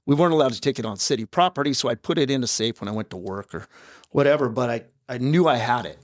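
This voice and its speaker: A man in his fifties, a podcast guest, telling his own story in a raw, halting way with blunt profanity. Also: mid-range voice, lively intonation, no room sound, clean studio sound. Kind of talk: candid personal storytelling in an interview. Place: podcast studio. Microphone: studio microphone.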